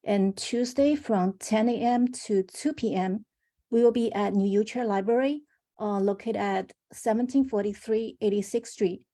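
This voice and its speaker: A woman joins a public meeting by call to read out announcements for a senator's office. Her voice is mellow and mid-pitched, and she sometimes restarts a word. The delivery is plain and businesslike. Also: moderate pace. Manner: announcing details with small restarts. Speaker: staffer for a state senator.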